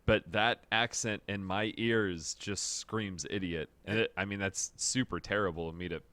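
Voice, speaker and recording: A man's voice: lowish voice, steady tone, normal speed, sharp tone, no room sound. A man co-hosting a casual podcast chat, laid-back and laughing along. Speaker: podcast co-host.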